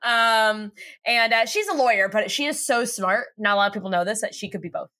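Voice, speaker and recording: A woman's voice: on the high side, animated, fairly quick, bright, forceful tone. A woman co-hosting a casual chat, recapping a TV episode with lots of fillers and laughter. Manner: giggly, rambling with lots of fillers. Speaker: podcast co-host recapping a TV show.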